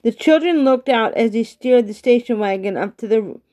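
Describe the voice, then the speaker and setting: A woman with a slightly high voice reads a children's chapter book aloud at an unhurried pace. She gives each character's line only a light change and keeps to her own reading voice. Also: lively intonation, dark tone. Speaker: reader. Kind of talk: storybook read-aloud.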